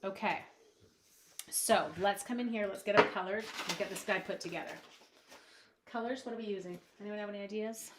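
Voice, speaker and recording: A woman's voice: medium pitch, fairly even intonation, brisk, very noisy. A woman chatting casually while demonstrating crafts at her home desk on a live stream, reading out viewers' comments and talking to her supplies.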